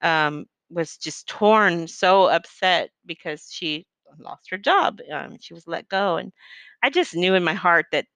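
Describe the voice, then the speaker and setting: A middle-aged woman delivers an earnest, heartfelt monologue about faith that wanders and is packed with fillers. Her voice is slightly low, smooth, clear and a touch bright, with lively intonation at a measured pace. The recording is close and dry, with no room sound or echo.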